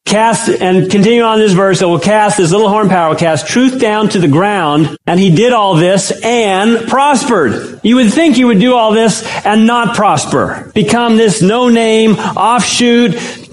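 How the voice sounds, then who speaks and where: A man's voice: sits high, normal speed, low-quality recording. A man teaching a Bible study as a sermon, conversational and often putting questions to his audience. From United States.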